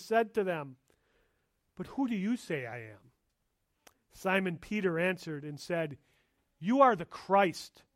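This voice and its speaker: Male pastor, high voice, unhurried verse-by-verse sermon, emphatic peaks, dry close sound. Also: dry recording. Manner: emphatic, rising to exclamation on key points.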